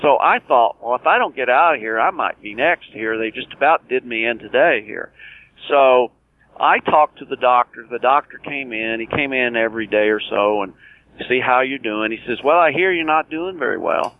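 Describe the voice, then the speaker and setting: An earnest man in his sixties tells his own survival story in a plain-spoken way, acting out old conversations as he goes. His voice comes through a thin, tinny phone line, at an ordinary pitch for a man. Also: moderate pace. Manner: earnest, plain-spoken, with many restarts and quoted dialogue. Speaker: guest, cancer survivor. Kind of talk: personal storytelling interview.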